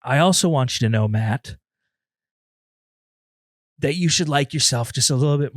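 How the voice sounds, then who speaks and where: A man's voice: medium pitch, animated, normal speed, long pauses, no room sound, studio quality. A man hosting a comedy podcast alone in his apartment, rambling and self-deprecating, turning emotional now and then. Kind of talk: improvised comedy podcast monologue.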